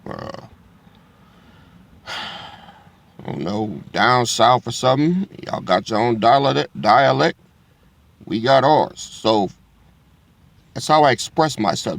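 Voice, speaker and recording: This is a man giving an informal sermon to his online audience. He rambles and repeats himself, addresses viewers head-on, and swears without a second thought. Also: mid-range voice. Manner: rambling, direct address, frequent profanity. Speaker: online religious commentator. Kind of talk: casual preaching to viewers.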